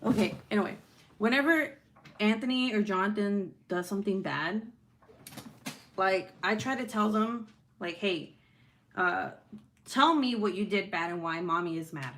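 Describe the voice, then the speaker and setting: A woman's voice: medium pitch, animated, a little slow, pauses often, fairly bright tone. A young woman and mother talking casually to her viewers at home, blunt and profane, laughing often and breaking off to deal with her kids. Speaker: vlogger and mother. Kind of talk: casual talking-to-camera vlog. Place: at home, with children nearby.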